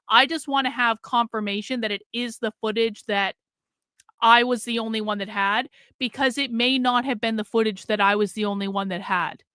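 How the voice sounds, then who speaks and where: Furious swearing woman streamer, high bright voice. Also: smooth, no room sound, clean studio sound. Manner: furious, swearing, repeating herself. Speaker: live streamer. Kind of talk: angry live stream rant.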